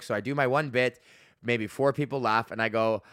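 Bright, slightly high-voiced man, solo host, rambling and profane, dry close mic. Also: fairly even intonation, moderate pace, no echo. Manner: profane, rambling storytelling with lots of fillers. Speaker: podcast host and comedian.

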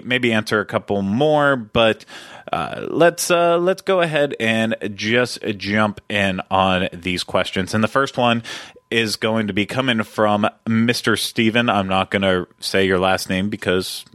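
Low-voiced man hosting a chatty podcast. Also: fairly bright tone, clear, resonant tone, dry recording, clean studio sound. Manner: rambling, chuckles often. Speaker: podcast co-host. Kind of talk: casual chat.

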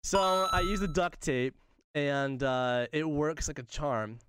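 A young man spins a funny anecdote in easy, casual chat, laughing often and slipping into the voices of the people in it. His voice sits a little high and comes through smooth and clear. The sound is close and dry, with no room around it. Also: slow, fairly bright tone, dry recording.

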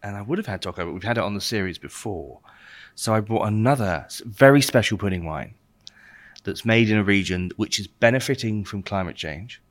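A man's voice: fairly low pitch, lively intonation, fairly quick. A man presenting wines in a casual chat, explaining with enthusiasm. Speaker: wine expert presenting wines.

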